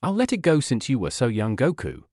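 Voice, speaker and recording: A man's voice: medium pitch, wildly swooping pitch, fairly quick, a little mellow, no echo, studio quality. A man reading the lines of a strict, jealous wife and mother in a stern, scolding way.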